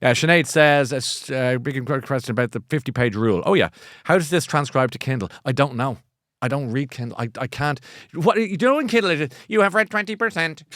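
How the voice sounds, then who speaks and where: A man with an Irish accent hosting a book show, chatty and animated, often laughing at himself. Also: mid-range voice, brisk, dry recording, studio quality. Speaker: host. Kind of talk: casual chat.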